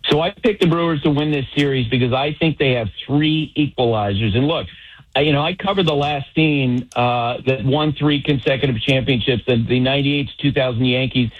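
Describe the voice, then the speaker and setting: A middle-aged man talking baseball as an analyst on sports radio, opinionated and rattling off examples. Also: medium pitch. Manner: opinionated, piles up quick examples. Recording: dull lo-fi radio sound.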